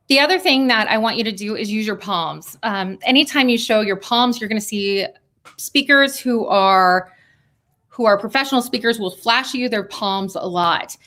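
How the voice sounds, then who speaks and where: A woman giving a lively workshop talk over a video call, coaching and laughing often. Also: mid-range voice. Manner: talks of thousands of hours on video calls. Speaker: speaker on persuasion.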